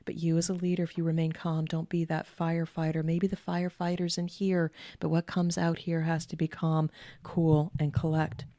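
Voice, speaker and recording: A middle-aged woman hosting a podcast, giving calm, measured, earnest advice to executives with deliberate pauses. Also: low-pitched, dry recording. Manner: earnest and encouraging, repeats key words. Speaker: podcast host and executive coach. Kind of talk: direct-to-camera advice talk.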